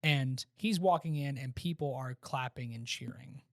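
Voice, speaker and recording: A man co-hosting a podcast, casually reviewing a movie and retelling scenes with animated restarts. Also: mid-range voice, moderate pace, no echo, clean studio sound. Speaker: podcast co-host.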